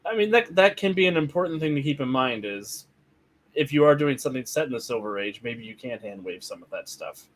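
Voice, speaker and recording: Fast, lively man with deadpan jokes. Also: medium pitch. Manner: deadpan joking asides. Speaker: co-host. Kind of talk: casual chat.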